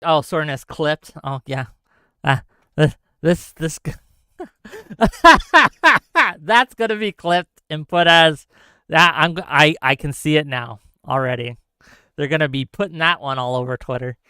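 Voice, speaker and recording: A man's voice: fairly high pitch, moderate pace, pushed and bright, clean tone, dry recording, clean studio sound. A man hosting a live call-in show, heated and argumentative, ranting at length.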